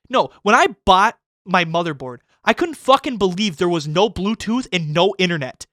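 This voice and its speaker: A man's voice: sits high, big pitch swings, moderate pace, fairly bright tone, no echo, clean studio sound. A man in his twenties hosting a casual podcast chat, rambling and swearing heavily as he gets worked up. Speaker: podcast host.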